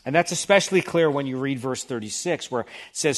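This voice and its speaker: A man's voice: mid-range voice, fairly quick, few pauses. A man preaching an expository sermon, reading scripture aloud with emphasis and explaining it to the congregation. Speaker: pastor.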